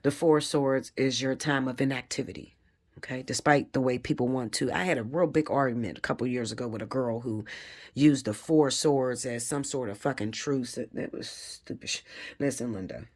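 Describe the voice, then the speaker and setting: A tarot reader gives a live reading, lecturing her viewers bluntly with plenty of swearing. She speaks a little fast with a darkish tone, turning emphatic and leaping up high when she gets fired up.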